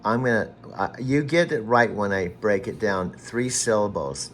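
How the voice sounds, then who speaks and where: A man in casual chat who slowly spells out names syllable by syllable, growing exasperated. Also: lowish voice, a bit bright, slight background noise. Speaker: user talking to an AI assistant.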